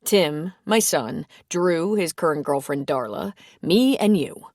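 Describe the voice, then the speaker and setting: A woman's voice: low voice, expressive, slow, a little mellow, dry recording, clean studio sound, full character voice. Woman voicing a coaxing, friendly grown man. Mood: eager. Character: friendly middle-aged man, warm host.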